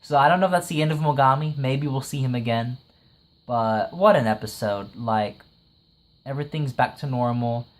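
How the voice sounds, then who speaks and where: A man gushing through a casual episode review, voice sitting at an ordinary middle pitch. He laughs often, fills with "like," and slips into quick impressions of the characters as he retells the plot. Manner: excitable, laughs often, many "like" fillers; retells scenes with quick acted quotes. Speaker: anime reviewer.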